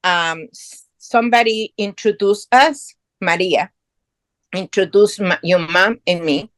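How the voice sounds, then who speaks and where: A middle-aged woman from Guatemala speaks slowly in a medium-pitched, slightly bright voice, captured in a dry recording. As a podcast guest, she tells her story conversationally, earnest and proud, with non-native English phrasing.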